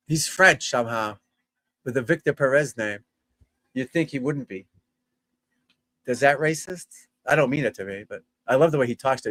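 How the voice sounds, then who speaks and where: A man's voice: mid-range voice, fairly bright tone, no room sound. Blunt, chatty male golf coach. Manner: blunt, profane, chatty, addresses viewers as folks and guys. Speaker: golf instructor hosting a livestream. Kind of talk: casual livestream commentary.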